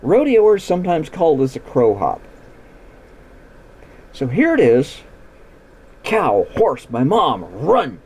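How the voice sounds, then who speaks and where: Animated man telling a ranch story. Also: a little high, slow, long pauses, husky, rough recording. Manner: animated, plain-spoken, folksy. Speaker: storytelling host. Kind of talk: casual storytelling.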